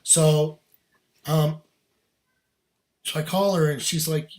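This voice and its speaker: A man guest on a podcast telling a personal story in casual, earnest talk, animated and laughing now and then. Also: on the high side, takes it slowly.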